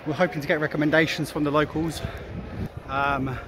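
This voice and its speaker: A man's voice: fairly high pitch, level tone, brisk. A man chatting and joking casually as he films himself walking a city at night, swearing now and then. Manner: chatty, jokey, laughs often, swears casually. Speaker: travel vlogger. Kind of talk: casual walk-and-talk vlog. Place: busy city street at night, outdoors. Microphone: handheld camera he films with. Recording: busy crowd and street noise.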